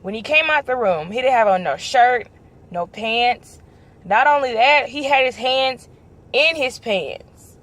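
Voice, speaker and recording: A young woman vlogger telling a story in a casual chat, lively and acting out the lines of the people in it. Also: on the high side, measured pace. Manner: animated, acts out quoted dialogue.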